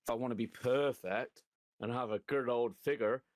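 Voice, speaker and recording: Animated man telling stories. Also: mid-range voice, moderate pace, no echo. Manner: animated storyteller, laughs often, swears freely. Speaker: co-host. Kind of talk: casual chat.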